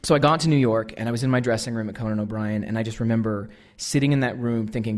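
A man's voice: fairly low pitch, fast talker, hardly any pauses. A man in his thirties with an American accent, telling a comic, self-deprecating story to a live audience and acting out the dialogue. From United States. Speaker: guest speaker.

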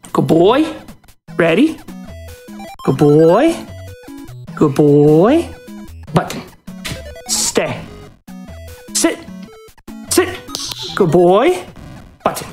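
During a live marathon speedrun, a man plays with his dog beside him, tossing it fond, coaxing commands and explaining the game in between. His voice swoops up and down widely from one word to the next, and faint music runs in the background.

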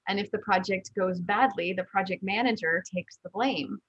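A woman's voice: medium pitch, normal speed, husky, dry recording. A woman hosting a podcast interview, talking in an earnest, conversational way and often repeating words as she thinks aloud. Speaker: podcast host. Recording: slightly dull lo-fi sound.

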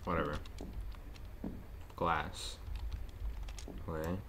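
This gaming streamer's voice is extremely low and level yet pushed and bright, and he speaks very slowly. He's a young man nervously commenting to viewers during a horror game, with keyboard and mouse clicks and a little hiss or hum in the recording.

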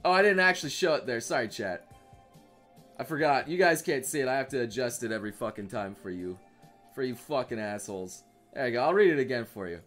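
A young man chatting casually on a live stream, reading memes aloud, excitable and profane. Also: medium pitch, brisk, soft background music. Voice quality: excitable, profane, laughs often.

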